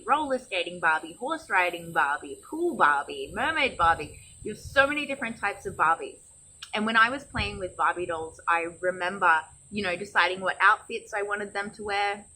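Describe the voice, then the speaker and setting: A woman's voice: medium pitch, bright, forceful tone, a little hiss or hum, low-quality recording. A young adult woman with an Australian accent talks openly to camera in a casual, reflective vlog, restarting phrases as she goes. She is speaking from an outdoor swimming pool. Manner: candid, reflective, with frequent restarts and fillers. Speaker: vlogger. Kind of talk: casual personal talk to camera.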